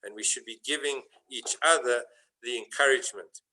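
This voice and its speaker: Man, rabbi, sermon, bright tone, storytelling, swells to fervent peaks. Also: mid-range voice, moderate pace, a little hiss or hum, rough recording. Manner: storytelling, rising to fervent emphasis.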